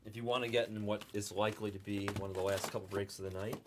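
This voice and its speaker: A man's voice: fairly low pitch, level tone, fast talker. Guy running a card break stream, chatty and rambling, crinkly noisy room, packs tearing behind him. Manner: rambling, chatty, talks to the chat by name. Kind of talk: live-stream sales chat with viewers.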